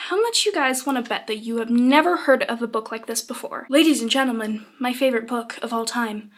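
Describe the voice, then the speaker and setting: A woman's voice: high-pitched, expressive, fairly quick, few pauses, a bit bright. A teenage girl with a bubbly, sarcastic, chatty manner, reviewing books in a casual vlog. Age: teens. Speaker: video blogger.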